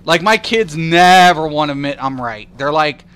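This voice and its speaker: A man's voice: fairly high pitch, lively intonation, moderate pace, a bit bright, clear, resonant tone. A man chatting casually on a game stream, rambling and swearing, laughing often and imitating other people's voices as he tells stories. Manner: mimics people's voices in anecdotes.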